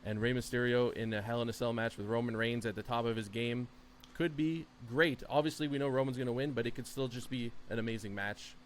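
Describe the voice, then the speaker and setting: A man's voice: mid-range voice, fairly even intonation, a little fast, a little hiss or hum. A man co-hosting a podcast, chatting casually in a rambling, enthusiastic way with plenty of fillers. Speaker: podcast co-host. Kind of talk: casual chat.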